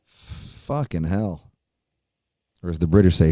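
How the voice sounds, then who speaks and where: A man's voice: low voice, expressive, slow pace, long pauses, warm tone, no room sound, clean studio sound. A man hosting a podcast, talking in a loose, rambling way and swearing freely. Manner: hyped, sing-song opening greeting. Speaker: podcast host. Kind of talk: casual podcast intro monologue.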